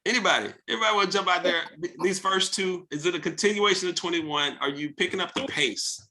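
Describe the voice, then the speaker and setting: A man hosting a team video call, giving an energetic motivational coaching talk and coaxing the group with questions. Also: sits high, quick pace.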